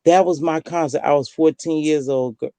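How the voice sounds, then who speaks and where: A woman in her sixties hosting a casual late-night chat, telling lively stories and acting out the voices she quotes. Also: low voice, normal speed, dry recording. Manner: lively storyteller who acts out quoted voices. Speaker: host.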